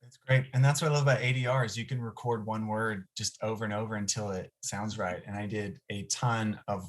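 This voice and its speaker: A man who wrote and directed the film, hosting a casual Q&A on a video call and telling relaxed, chatty stories about the shoot. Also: lowish voice, a little fast.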